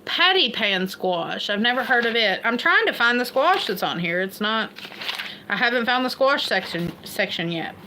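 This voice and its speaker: A woman's voice: on the high side, expressive, moderate pace, background noise. A woman from Kentucky with an Appalachian accent, chatting casually and rambling on a livestream, laughing at herself. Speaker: homestead livestream host.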